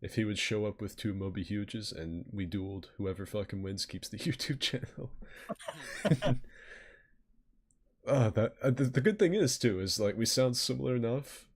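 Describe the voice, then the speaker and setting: A man's voice: fairly low pitch, normal speed. A man hosting a podcast in casual chat, swearing and self-mocking, often laughing. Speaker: podcast host.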